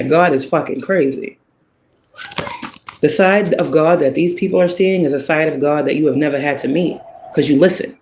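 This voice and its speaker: Guy doing a tarot reading, cussing and chuckling, kinda high voice, roomy echo. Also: darkish tone, slight background noise. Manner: profane, emphatic, laughs often. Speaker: tarot reader. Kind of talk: casual spoken tarot reading.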